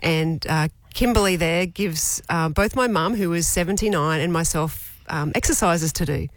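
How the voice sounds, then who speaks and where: A woman's voice: fairly low pitch, normal speed, no room sound. An Australian woman in her forties, co-hosting a casual chat and telling candid stories with frequent laughs. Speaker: radio co-host.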